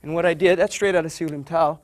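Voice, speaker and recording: Slightly high-voiced man teaching martial arts. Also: steady tone, fast. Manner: casual, explanatory, talks while moving through drills. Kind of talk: demonstrating technique while explaining.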